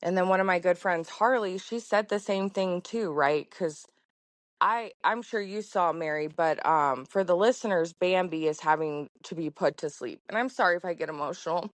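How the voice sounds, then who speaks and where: A woman's voice: lowish voice, normal speed, no room sound. A woman farmer talking as a podcast guest in a casual, heartfelt way with many fillers. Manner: chatty, heartfelt, lots of fillers. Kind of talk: casual conversation.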